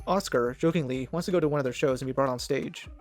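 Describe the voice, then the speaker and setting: A man's voice: mid-range voice, fast talker, a little mellow, faint music behind. A man narrating a commentary video in a snarky, judgmental tone.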